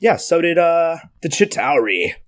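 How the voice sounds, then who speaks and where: A man's voice: on the high side, very animated, unhurried. A man co-hosting a podcast in casual chat, explaining background lore and insisting on his point. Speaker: podcast co-host.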